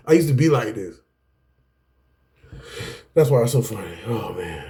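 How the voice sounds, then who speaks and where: His voice is lowish and mellow, very animated yet unhurried, with frequent pauses. He's a self-help video teacher giving a preachy lesson on anger to camera, using a preacher-like cadence, calling viewers "y'all," laughing and breaking off mid-sentence.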